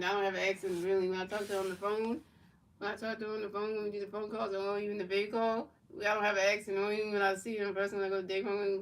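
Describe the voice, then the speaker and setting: Philly woman streamer, flat delivery, casual play-by-play, mic set back from her. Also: medium pitch, recorded from a distance. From Philadelphia, USA. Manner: repetitive, restarts phrases, casual chat-reading. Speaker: gaming streamer. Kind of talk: play-by-play commentary of a football video game, chatting with viewers.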